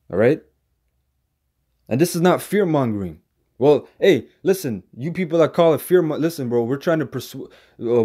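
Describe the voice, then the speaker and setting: Playing the street preacher for the camera, this man spews a combative, profane rant, tacking "man" onto the ends of phrases. His voice is medium in pitch and dark in tone, and he keeps stammering, restarting, and repeating himself haltingly.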